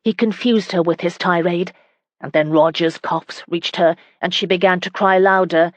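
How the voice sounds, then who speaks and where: A woman narrating a historical romance audiobook in a steady, even reading. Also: lowish voice, moderate pace, dry recording, highs cut off. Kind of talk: scripted narration.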